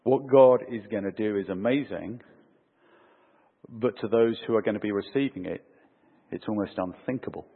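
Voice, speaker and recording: Man, preacher, husky voice, lo-fi phone-like sound, long echo of a large hall. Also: normal speed, long pauses. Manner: animated, rising for emphasis and dropping low to close points. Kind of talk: sermon with opening prayer.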